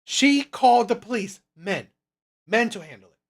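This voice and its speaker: A woman delivers opinion commentary on her own channel, blunt and emphatic, circling back over her points. Her voice sits on the higher side. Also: animated, moderate pace. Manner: blunt, emphatic, repeats phrases.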